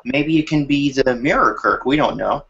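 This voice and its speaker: An excited man stammers through restarts as he pitches ideas on a podcast call. His voice sits at an ordinary pitch. The call audio sounds dull and lo-fi. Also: normal speed, gravelly. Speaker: podcast guest. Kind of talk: casual online podcast chat. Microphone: online call mic.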